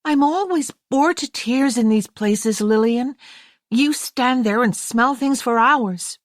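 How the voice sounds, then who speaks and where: A woman voicing a lively, impatient young American girl with an American accent, teasing and cheerful in an audiobook reading. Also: fairly high pitch, takes it slowly, no echo, studio quality, voice pushed up. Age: young adult.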